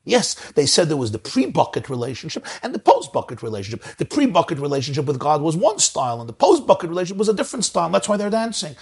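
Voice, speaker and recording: A man gives an emphatic storytelling sermon as a spiritual teacher, stacking up phrase after phrase. His voice is gravelly and husky, a little high for a man. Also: wildly swooping pitch, quick pace, hardly any pauses. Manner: emphatic, piles up repeated phrases.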